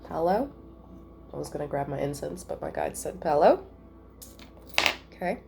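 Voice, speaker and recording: A woman giving a casual spiritual reading at home, chatty and thinking out loud with soft asides. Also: low-pitched, lively intonation, normal speed, vocal fry, loud music behind the voice. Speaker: tarot reader.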